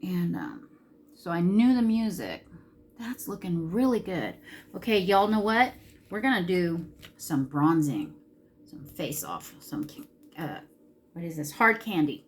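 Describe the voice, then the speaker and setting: A woman's voice: lowish voice, big pitch swings, a little slow, long pauses. A woman in her fifties chatting casually while doing her makeup, rambling through stories and chuckling often. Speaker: beauty vlogger.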